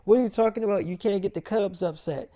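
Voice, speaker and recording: A man's voice: high-pitched, fast talker, warm tone, lightly acted. A man voicing an exasperated middle-aged mother who scolds bluntly and curses. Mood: scolding. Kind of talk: casual spoken story.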